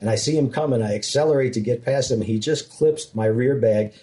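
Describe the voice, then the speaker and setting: A middle-aged man, a former police officer and riding instructor, telling funny stories in a casual, animated way. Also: medium pitch, fairly quick. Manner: animated, self-deprecating humor. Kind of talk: casual storytelling in conversation.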